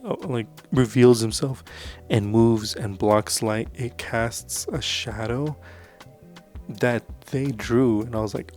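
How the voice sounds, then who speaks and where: A man of ordinary pitch chats through his movie reviews in a loose, rambling way, leaning on "like" and "um." He sounds earnest and keen about what he watched, with faint music under his voice. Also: a little mellow. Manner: loose and rambling, full of "like" and "um" fillers; earnest and enthusiastic about films. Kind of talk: casual movie review chat.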